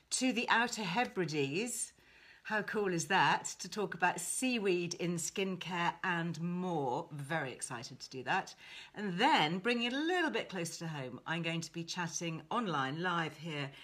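A woman hosting a casual live stream from home, chatting warmly and reading out viewers' greetings. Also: on the low side. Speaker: host. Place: her home.

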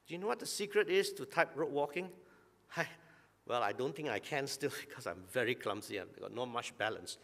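A male pastor giving a conversational sermon in a church, putting rhetorical questions to the congregation and often clearing his throat. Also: mid-range voice, animated, moderate pace, a bit bright. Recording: long church-hall reverb.

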